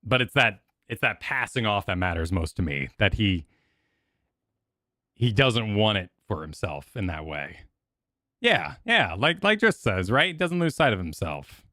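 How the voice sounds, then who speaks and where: Lively, rambling young man streaming. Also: fairly low pitch, unhurried, dry recording, clean studio sound. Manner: rambling, animated, full of restarts and filler. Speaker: streamer reacting to event videos. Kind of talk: casual reaction chat.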